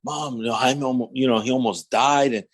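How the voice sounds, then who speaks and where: A little fast and steady in tone, a medium-pitched man from Southern California relates his testimony conversationally. Fillers like "man" and "right?" recur, and he imitates the voices in his quotes.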